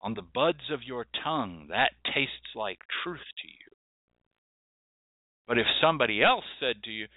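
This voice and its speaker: A man's voice: medium pitch, expressive, a little slow, no room sound. A man hosting a show, lecturing in an emphatic, repetitive monologue. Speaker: host. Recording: tinny phone-like sound, dry.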